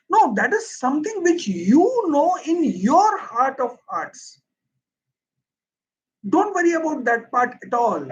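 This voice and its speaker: A Hindi-speaking man with an Indian accent answers viewers' questions during a livestream English lesson, earnest and emphatic as a teacher. His voice is very high-pitched and slightly rough, and the recording is low quality.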